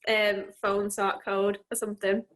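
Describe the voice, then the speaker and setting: A woman's voice: medium pitch, completely flat delivery, measured pace, a bit bright, slight background noise. A woman in her twenties, a children's entertainer, chatting casually and giggling between answers in an interview. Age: 20s.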